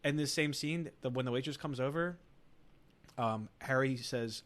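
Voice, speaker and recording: A man's voice: mid-range voice, moderate pace. Man gleefully retelling movie scenes. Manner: retells scenes by acting out quotes, laughing often. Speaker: podcast co-host. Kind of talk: casual movie podcast chat.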